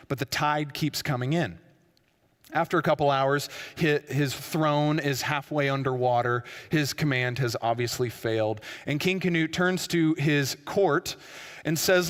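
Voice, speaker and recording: A man's voice: on the high side, unhurried, fairly bright tone, big-room sound. A man preaching a sermon, telling a story with frequent fillers and restarts. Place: church.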